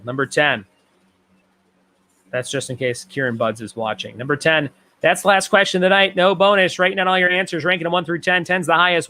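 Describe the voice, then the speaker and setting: A man's voice: a little high, pushed and bright. A man hosting a casual online movie trivia game, chatting and reading viewer comments aloud. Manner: chatty, reads out viewer comments and repeats questions. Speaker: trivia host.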